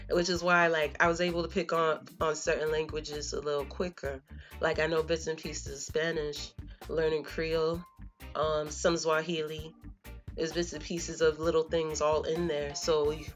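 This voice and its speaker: A woman's voice: lowish voice, fairly bright tone. A young woman from Florida talking casually to her viewers, telling stories and slipping into slang and fillers as she goes. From Florida, USA. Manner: conversational and storytelling, drops in slang and fillers. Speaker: vlogger. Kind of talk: casual talk to camera.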